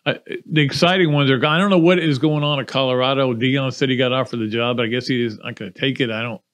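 A man's voice: medium pitch, fairly even intonation, fast talker, a bit bright. Rambling, opinionated male podcast host. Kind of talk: casual sports commentary.

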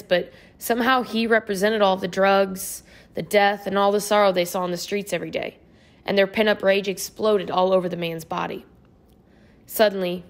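Woman narrating an audiobook. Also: mid-range voice. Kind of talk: scripted narration.

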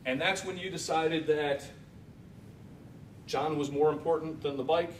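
In a courtroom, a man acting as defense attorney cross-examines a witness with short, leading questions and frequent checks for agreement. His tone is fairly even and his pace unhurried, captured from a distance in a reverberant room with a faint rumble.

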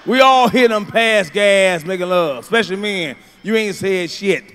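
A male stand-up comedian, delivering a profane routine with shouted punchlines. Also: high voice, moderate pace, smooth.

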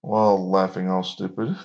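A man's voice: lowish voice, vocal fry. A man hosting a reaction video, giving sarcastic, mocking commentary. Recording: dull lo-fi recording.

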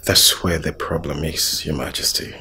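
An actor with a Nigerian accent playing a respectful young suitor who speaks softly and deferentially. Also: male voice, a bass voice, flat delivery, moderate pace, full character voice. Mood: earnest. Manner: deferential, soft-spoken. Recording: faint film music underneath.

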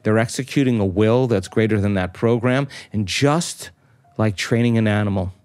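A man's voice: fairly low pitch, normal speed, darkish tone, no echo. A middle-aged man, a guest in an interview, explaining ideas emphatically with rhetorical questions and repeated phrasing. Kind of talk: explanatory talk.

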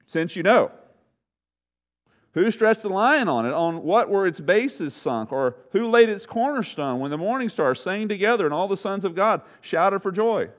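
A man voicing God as an all-knowing, challenging figure who fires off questions slowly and emphatically. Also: high-pitched, lively intonation, voice pushed up. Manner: emphatic, interrogating, slow and deliberate.

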